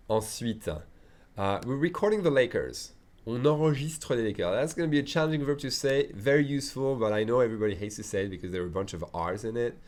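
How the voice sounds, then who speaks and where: Chatty French man teaching beginners. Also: fairly low pitch. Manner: chatty, repeats phrases and checks in with "d'accord". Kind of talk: beginner language lesson.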